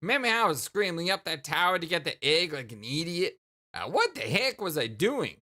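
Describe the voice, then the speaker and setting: A woman voicing a smug teen boy who rambles on in a deadpan way about his own coolness, in a lively, bright voice that swings up and down. The voice is low for a woman and she barely changes it from her own. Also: a little fast, heavily acted. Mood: rambling. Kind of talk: reading game dialogue aloud.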